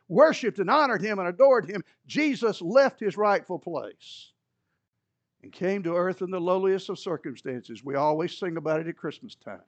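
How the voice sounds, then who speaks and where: A male pastor preaching an animated sermon, mixing scripture explanation with humorous asides. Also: high voice, no room sound, highs cut off.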